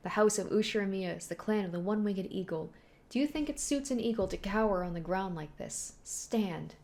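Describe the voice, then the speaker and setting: A woman's voice: mid-range voice, brisk, a little mellow, natural voice. Woman reading a haughty witch. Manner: haughty, grand and commanding. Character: proud commanding female witch.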